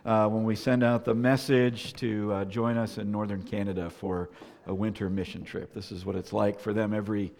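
Gravelly-voiced man preaching in a hall. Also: fairly low pitch, little pitch movement, moderate pace, darkish tone. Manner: conversational storytelling with many fillers. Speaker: pastor. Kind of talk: sermon. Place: church sanctuary. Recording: echoey hall.

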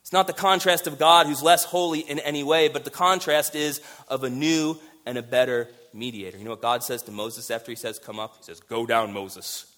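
A man preaching a sermon, moving between hushed, quiet passages and loud, emphatic rises, with casual conversational asides mixed in. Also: a little high, brisk, few pauses. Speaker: pastor.

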